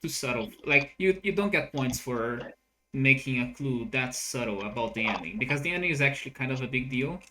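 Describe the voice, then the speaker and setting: A man's voice: mid-range voice, animated, brisk, background noise. A man in a casual chat, arguing his view in an analytical, point-by-point way. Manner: argumentative, analytical. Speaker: co-host.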